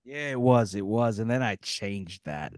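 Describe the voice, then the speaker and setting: Animated man with a mixed Australian-Bosnian accent. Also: fairly low pitch, measured pace, smooth, dry recording, clean studio sound. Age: young adult. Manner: rambling, animated, asks if he makes sense. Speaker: guest musician. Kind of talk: casual interview chat.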